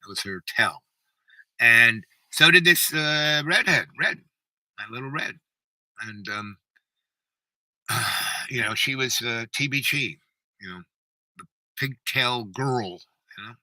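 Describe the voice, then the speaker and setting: A man's voice: medium pitch, lively intonation, slow, long pauses, bright, forceful tone, no room sound, low-quality recording. A man in his seventies telling a long story in a meandering, casual way, full of "you know" fillers. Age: 70s. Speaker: channel host.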